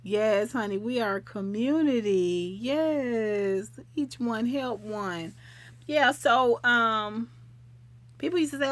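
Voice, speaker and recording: A woman's voice: fairly high pitch, slow. Chatty woman hosting a livestream. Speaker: livestream host. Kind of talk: casual chat with live viewers.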